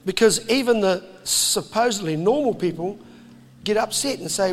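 Brief: high-voiced, jokey New preacher in a reverberant hall. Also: male voice, normal speed, slight background noise. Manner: animated, jokey, puts on voices. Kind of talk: impassioned sermon to a crowd.

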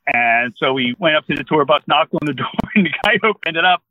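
A man's voice: a little high, expressive, brisk, no echo, phone-quality sound. A man in his sixties from New Jersey, a guest telling a long rambling anecdote in casual conversation. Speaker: interview guest. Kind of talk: casual storytelling.

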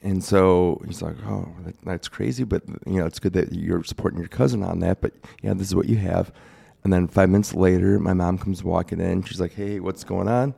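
A man's voice: sits low, steady tone, brisk, creaky, dark tone, breathy edge. A man in his forties telling a personal story in a plain-spoken, rambling way during a casual chat. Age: 40s.

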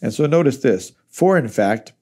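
A man's voice: medium pitch, expressive, moderate pace, mellow. A male pastor teaching through a Bible chapter in a conversational sermon style.

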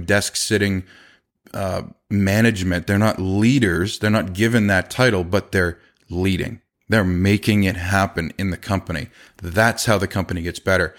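A middle-aged man hosting a podcast, casually telling stories about his employees, acting out their quoted dialogue and laughing often. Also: deep voice. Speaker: podcast host and business owner. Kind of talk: casual storytelling.

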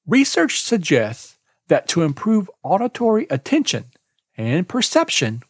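A man hosting a podcast lesson on exam preparation, reading a scripted, deliberate lesson and spelling out web links letter by letter. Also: sits high, wildly swooping pitch, slightly rough, no echo, studio quality. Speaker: exam prep podcast host.

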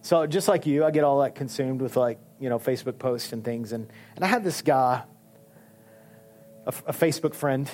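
A male pastor preaching a sermon in a conversational, animated way, with emphatic peaks. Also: mid-range voice, moderate pace, faint music behind.

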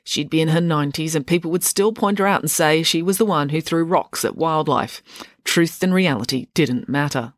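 A woman author narrating a chapter of her own book in a wry, steady storytelling manner. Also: deep voice, normal speed, no room sound, clean studio sound. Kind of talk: audiobook narration.

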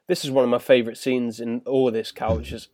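A podcast host enthusiastically recaps a cartoon episode in a casual review, packed with ums and you-knows. His mid-range voice is fast and level in tone, a little mellow, with studio-quality sound and no echo.

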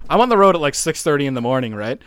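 A man's voice: a little high, very animated, rapid-fire, smooth, no room sound, clean studio sound. A man from Calgary chatting casually, swearing often and restarting his sentences. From Calgary, Canada. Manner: swears a lot, stumbling restarts. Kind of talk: casual chat.

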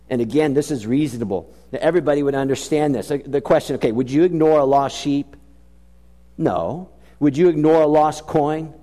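A male pastor preaching a sermon, swinging between loud emphatic bursts and low, slow passages. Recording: long reverb of a large hall.

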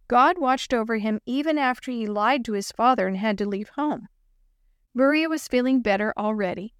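A woman reading a children's Bible story aloud, lively and raising her voice high for the child's lines. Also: moderate pace, clean tone, no echo, studio quality.

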